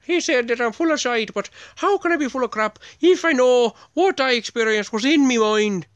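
A man's voice: moderate pace, no echo. A man doing a put-on Irish accent, playing an indignant, leprechaun-like Irish man. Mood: defiant. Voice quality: high and loud, leprechaun-like. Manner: indignant, scolding. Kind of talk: impression within a vlog.

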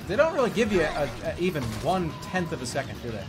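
A man's voice: on the high side, sing-song, quick pace. Exasperated man cursing at a game. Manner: exasperated, swearing, laughing at the game. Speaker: streamer. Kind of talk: gameplay commentary. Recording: loud game music behind.

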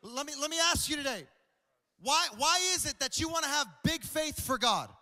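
A young adult man preaching a comedic sermon, animated and joking, often repeating words. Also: very high-pitched, normal speed. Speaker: pastor. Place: large church auditorium. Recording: reverberant church hall.

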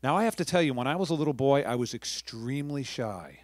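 A man's voice: medium pitch, animated, fast talker, dry recording, clean studio sound. A middle-aged man from New York, a professional storyteller giving a chatty talk to a live audience, with friendly asides and restarts.

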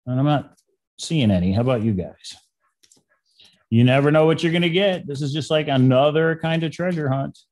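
A man hosting a casual card-opening video, reading names aloud and dropping into quiet asides. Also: a little high, moderate pace. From Detroit area. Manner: reads names flatly, drops into quiet asides. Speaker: channel host.

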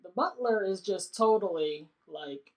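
A woman chats her way through a life-sim game in casual let's-play commentary. She laughs often and slips into quick voices for the characters. Her pitch sits in an ordinary middle range. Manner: giggly, animated, voices characters in quick asides. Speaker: gaming YouTuber.

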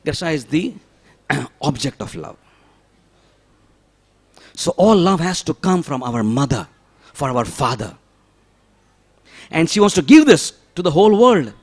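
A man delivers a devotional sermon as a story. His voice sits a little high, and he swings from loud, pleading outbursts to hushed whispers. He often throws rhetorical questions to his listeners. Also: sing-song, measured pace, long pauses, breathy edge. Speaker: preacher.

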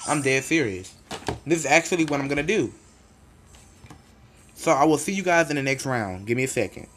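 A man giving live gameplay commentary in a jokey, excitable way, bursting into loud outbursts and then muttering low. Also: a little fast, slight background noise. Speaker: gaming commentator.

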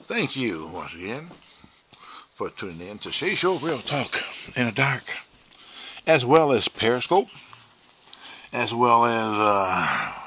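A man's voice: mid-range voice, very animated, slow pace, pauses often, sharp tone, breathy edge. A man hosting his own livestream, talking candidly and emotionally, swearing freely and sometimes dropping to a near-whisper. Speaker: host. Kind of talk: casual livestream monologue.

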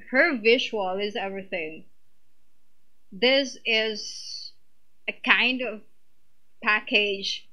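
A woman's voice: on the high side, pushed and bright, lo-fi sound. A young woman hosting a reaction video, gushing over what she watches, exclaiming and swearing often. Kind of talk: reaction commentary.

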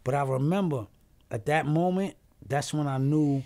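A man's voice: fairly high pitch, moderate pace. A man, a podcast guest telling a story in casual talk, acting out what others said and swearing freely, often trailing off and restarting. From New York. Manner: animated storyteller who acts out quoted voices, swears freely; trails off and restarts mid-sentence.

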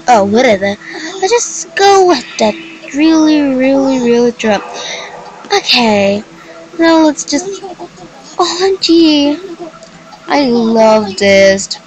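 A young woman commenting on her game with excited exclamations and slightly broken phrasing. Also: high voice, takes it slowly, pauses often, low-quality recording. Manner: gushing, exclaims often, slightly broken non-native phrasing. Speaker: gaming video creator.

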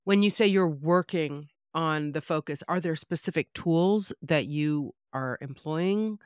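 Smooth-voiced host asking steady questions. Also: medium pitch, measured pace, no echo, clean studio sound. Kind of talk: interview questions.

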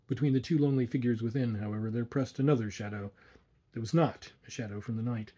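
A man narrating a spooky tale in a measured, atmospheric way. His voice is dark and mellow with a husky grain. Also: mid-range voice. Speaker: audiobook narrator. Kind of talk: scripted narration.

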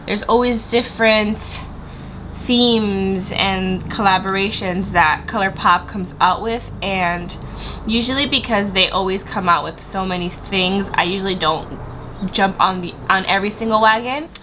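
A woman's voice: medium pitch, measured pace, noisy background. A woman sounding stuffy and congested, chatting to viewers in a sit-down makeup review vlog. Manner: bubbly and chatty, addressing viewers directly. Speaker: beauty vlogger.

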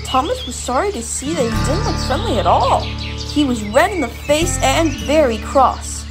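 Woman reading a kids' story, high voice, expressive, music playing under. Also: moderate pace. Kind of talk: storybook narration.

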